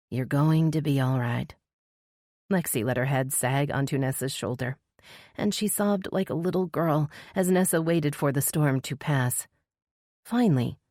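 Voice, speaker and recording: Very low-voiced female audiobook narrator. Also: a little mellow, no room sound, studio quality. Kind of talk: scripted narration.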